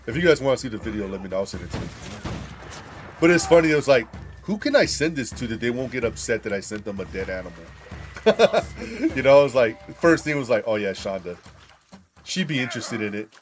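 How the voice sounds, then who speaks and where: A man's voice: medium pitch, big pitch swings, brisk, faint music behind. A young man streaming a game, telling a rambling, profane story and saying "dude" and "like" a lot. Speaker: gaming streamer. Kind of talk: casual storytelling while gaming.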